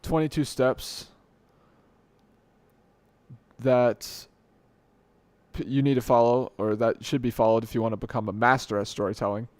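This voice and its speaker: A young man talks through his unscripted podcast, wandering off track and poking fun at himself along the way. His voice sits at an ordinary middle pitch. The sound is close and dry, with no room echo, from a desk mic at home. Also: steady tone, moderate pace, darkish tone. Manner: rambling, self-correcting, joking at himself. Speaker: podcast host. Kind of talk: unscripted solo podcast talk. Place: home room at night, dim light.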